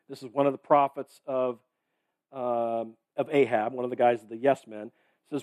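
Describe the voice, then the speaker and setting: A man's voice: medium pitch, fairly even intonation, normal speed, a little mellow, dry recording. Casual, talky male preacher. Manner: casual, conversational, reads verses and checks in with "right?" and "okay?"; filler-heavy with restarts. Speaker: pastor. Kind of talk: sermon.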